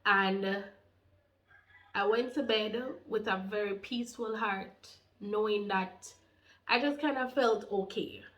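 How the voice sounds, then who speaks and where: A Jamaican woman in her thirties telling her personal faith testimony, animated and heartfelt, slipping into patois. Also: medium pitch, takes it slowly. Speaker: faith channel co-host.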